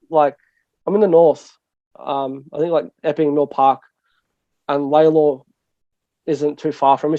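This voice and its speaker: A man's voice: fairly high pitch, mellow, dry recording. A young Australian man, a DJ guest on a podcast, talking casually in a rambling, self-mocking way and swearing freely. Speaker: guest DJ and producer. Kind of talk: casual interview chat. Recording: dull lo-fi dry sound.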